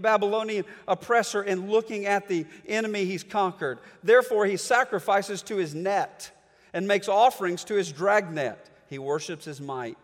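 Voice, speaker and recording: A middle-aged pastor with a high, light voice delivers a sermon, swinging from booming declarations to near-whispered pleas. His words ring through a large church hall with a long, lingering reverb. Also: expressive, moderate pace. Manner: dramatic, swings between booming and hushed.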